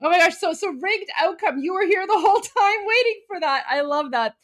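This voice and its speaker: A young woman with a high voice hosts a live stream and reacts to footage as it plays. She gasps, laughs and talks in quick, delighted bursts, thanking her viewers warmly. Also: lively intonation, a faint crowd. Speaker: livestream host.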